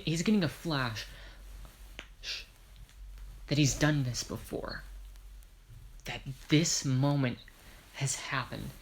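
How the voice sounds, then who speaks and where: A man's voice: medium pitch, gravelly. A man from Ireland casually retelling a fan story, rambling with self-corrections and jokey asides.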